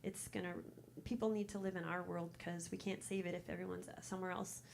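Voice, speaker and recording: A woman's voice: lowish voice, fairly even intonation, fairly quick, creaky, a little mellow, slight background noise. A woman in her fifties with a Minnesotan accent talks at an open mic in a coffee shop, nervous and chatty. She fills her sentences with ums. A faint murmur of ambience sits under her voice. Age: 50s. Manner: nervous, chatty, rambling with fillers and laughs. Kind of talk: casual chat before a poem.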